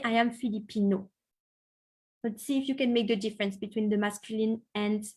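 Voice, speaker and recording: A woman teaching an online class, encouraging students and modelling pronunciation slowly. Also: on the high side. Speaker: French teacher.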